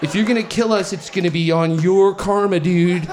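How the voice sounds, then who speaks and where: A man's voice: high-pitched, moderate pace, darkish tone, pitched above the performer's own voice, close to an everyday voice. A man voicing his drunk young friend who slips into a laid-back hippie manner, coaxing and drawn out.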